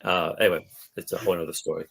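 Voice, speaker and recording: A man's voice: deep voice, fairly even intonation, racing, vocal fry, a bit bright, breathy edge. A man from Texas, chatting as a guest on a livestream and rambling through stories. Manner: rambling, storytelling. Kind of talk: casual chat.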